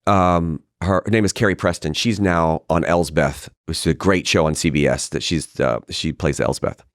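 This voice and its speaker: A middle-aged male actor guesting on a podcast, telling stories in a lively, casual way and acting out what other people said. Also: deep voice, moderate pace, no room sound, studio quality. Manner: animated storyteller who acts out quoted voices. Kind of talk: casual anecdotal storytelling. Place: podcast studio.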